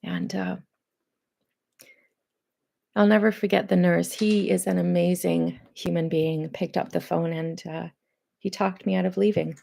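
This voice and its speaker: A woman speaking in a personal video diary to her daughters, halting with many pauses and close to tears. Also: lowish voice, little pitch movement, gravelly, dark tone. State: tearful, close to crying. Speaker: mother addressing her daughters.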